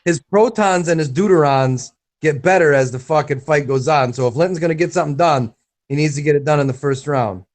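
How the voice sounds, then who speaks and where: A man's voice: fairly high pitch, fairly quick. Teasing male fight-show co-host. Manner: teasing, crude banter. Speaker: podcast co-host. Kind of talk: casual live fight commentary.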